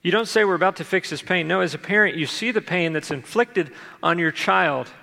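A man's voice: sits high, fairly quick, creaky, bright, forceful tone. A man preaching a sermon, reading scripture aloud and then explaining it in a conversational way to a congregation. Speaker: pastor. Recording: long hall reverb.

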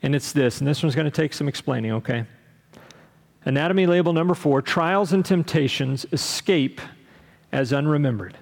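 A man's voice: a little high, moderate pace, gravelly, big-room sound. A man from Texas preaching a sermon as pastor, talking conversationally with asides and questions to the congregation.

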